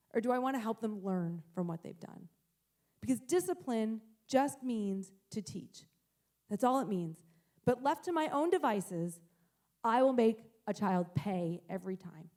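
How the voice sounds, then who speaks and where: A woman's voice: a little high, darkish tone. Woman pastor preaching an earnest sermon. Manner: earnest storytelling, acts out quoted voices. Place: church.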